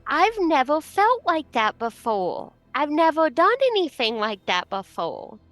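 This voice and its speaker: Nervous earnest young healer adventurer, woman voicing, raised pitch, unhurried tabletop role-play. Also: very animated, a bit bright, no room sound, soft background music, exaggerated voice. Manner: anxious, wondering.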